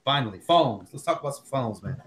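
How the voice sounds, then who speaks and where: A man's voice: mid-range voice, animated, brisk, a bit bright, slightly rough. A man hosting a tech livestream, chatting casually in slang and telling a story with lots of fillers and animation. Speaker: tech channel host.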